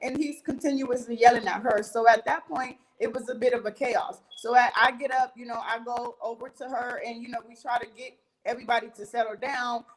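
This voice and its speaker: A young woman with a notably high voice tells her story in loose, casual talk as an interview guest. She is animated and jumps into other people's lines as she recounts a heated fight. She swears freely. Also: fairly quick, few pauses, poor audio.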